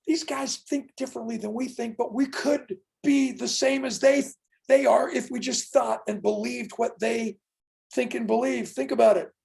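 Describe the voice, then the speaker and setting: A man's voice: extremely high pitch, steady tone, normal speed, vocal fry, a little mellow, low-quality recording. A man in his sixties, a professional speaker, giving a motivational keynote with dramatic storytelling and punchy, emphatic lines. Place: event stage.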